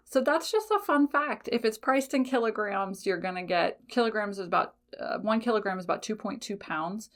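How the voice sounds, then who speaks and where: Her mid-range voice comes across bright and forceful as she hosts a casual solo podcast. She laughs frequently, curses lightly, and keeps using fillers and correcting herself.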